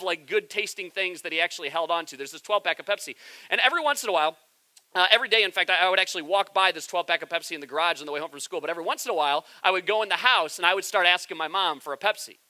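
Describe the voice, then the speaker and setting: A man's voice: sits high, racing, pushed and bright. A man in his thirties preaching a sermon as pastor, telling stories in a conversational, humorous way.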